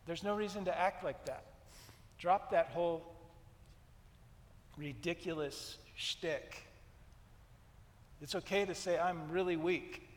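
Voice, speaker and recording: A man preaching a sermon in a high, ringing voice that carries a long hall reverb. He is emphatic, driving points home by repeating them and acting out scripture scenes. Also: takes it slowly, long pauses. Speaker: pastor.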